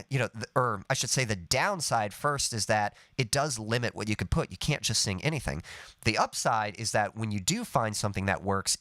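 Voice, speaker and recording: A man's voice: on the low side, a bit bright, no room sound. A man teaching songwriting on a live stream, explaining patiently and humming short melody snippets to show his points. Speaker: songwriting coach.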